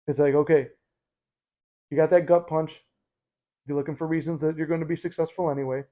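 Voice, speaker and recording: A man's voice: on the high side, warm tone. A man hosting a casual motivational talk, speaking conversationally and bluntly with the odd swear. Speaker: host.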